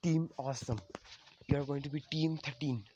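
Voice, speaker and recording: A man's voice: on the high side, fairly even intonation, moderate pace, dark tone, lo-fi sound, slight background noise, lightly acted. A man voicing a decisive male village leader who hands down a ruling in an upbeat way.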